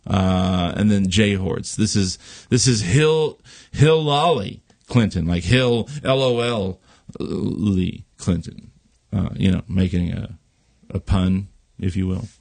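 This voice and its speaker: A man hosting a podcast in casual chat, reading jokes aloud, laughing often and pausing on fillers. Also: deep voice, creaky, darkish tone, no room sound. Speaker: podcast host.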